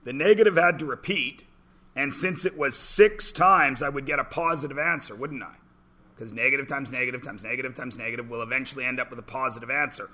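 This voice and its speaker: Chatty bright-voiced male math teacher. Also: mid-range voice, brisk. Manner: chatty, jokey, asks class questions. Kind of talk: classroom lecture with anecdotes. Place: classroom.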